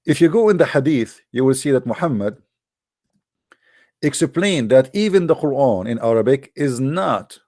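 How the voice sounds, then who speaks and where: A man's voice: medium pitch, lively intonation, moderate pace, a little mellow, no room sound, studio quality. A man hosting a live stream, arguing emphatically and scornfully in non-native English, repeating words for effect. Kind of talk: argumentative commentary to a live chat.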